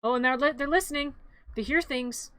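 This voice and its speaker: A woman's voice: sits high, brisk, a bit bright, dry recording. A woman streamer narrating a cartoon in a playful, rambling, giggly way, often correcting herself.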